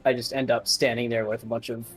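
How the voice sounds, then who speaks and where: A man's voice: mid-range voice, little pitch movement, quick pace, breathy edge, soft background music. Joking, foul-mouthed male gamer. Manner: joking, profane, rambling. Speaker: streamer playing a fighting game. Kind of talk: casual gaming chat.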